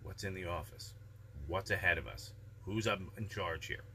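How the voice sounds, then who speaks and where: Homem de voz muito brilhante, calmo e pausado. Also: male voice, deep voice, slightly rough. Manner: calm, measured, reflective. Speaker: vlogger giving daily life advice. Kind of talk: casual daily vlog monologue.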